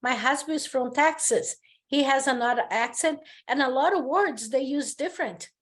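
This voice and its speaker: A middle-aged woman, Portuguese her first language, speaks English with a Brazilian accent. Her voice sits fairly high, and she tells animated personal anecdotes in a relaxed podcast chat. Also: normal speed. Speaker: podcast guest. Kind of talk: casual conversation.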